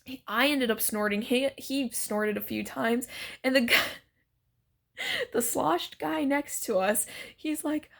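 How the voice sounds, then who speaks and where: A woman's voice: high-pitched, big pitch swings, slow, vocal fry, a bit bright. A woman telling a story to her vlog in a chatty, giggly way, full of "like" and "so basically," while she is sick. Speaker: vlogger.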